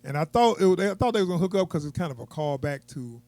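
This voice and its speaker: A man's voice: on the high side, animated, quick pace, dark tone, no room sound. Rambling man reviewing a movie. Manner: rambling, unscripted, chuckles often. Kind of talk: casual off-the-cuff review.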